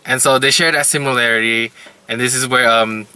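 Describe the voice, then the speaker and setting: A man recaps anime episodes in a loose, rambling way, with fillers all through his sentences. His voice is very bright and tense at an ordinary middle pitch. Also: fairly even intonation, fairly quick, smooth. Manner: rambling, heavy use of "like" and "you know". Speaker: anime reviewer.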